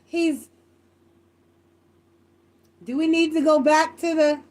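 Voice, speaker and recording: A woman's voice: high voice, fairly even intonation, slow, darkish tone. A woman doing a live tarot reading, blunt, profane and rambling, stressing her points again and again. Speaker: tarot reader.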